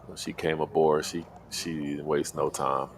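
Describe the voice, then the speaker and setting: Very deep gravelly male dealer voice. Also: little pitch movement, unhurried. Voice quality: deep radio voice. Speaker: poker dealer. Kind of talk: casual banter on a live stream.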